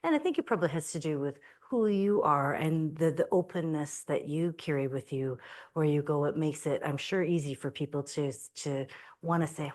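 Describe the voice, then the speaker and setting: Low-voiced woman moderating a talk. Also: animated, moderate pace. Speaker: moderator and associate professor.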